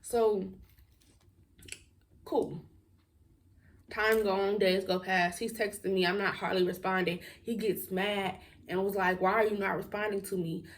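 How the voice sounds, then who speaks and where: Young woman vlogger, outspoken storyteller, mid pitch, set a little back from the mic. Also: recorded from a distance. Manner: outspoken, blunt, with frequent laughs and swearing. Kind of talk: casual storytelling to camera.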